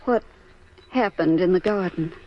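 An actress playing an anxious, beautiful young wife in an old-time radio drama, worried and pleading, on a dull old recording. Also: female voice, fairly low pitch, measured pace, close to an everyday voice.

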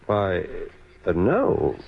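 An actor playing a calm, evasive male doctor in an old-time radio drama, reassuring and smooth-spoken, on a dull old recording. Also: low voice, drawn-out words, slight background noise, heavily acted.

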